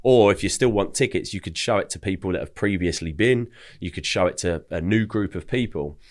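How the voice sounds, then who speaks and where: A man's voice: sits low, brisk. A young man from England, telling a story in a casual, chatty way as a podcast guest, often repeating words as he starts his sentences. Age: young adult.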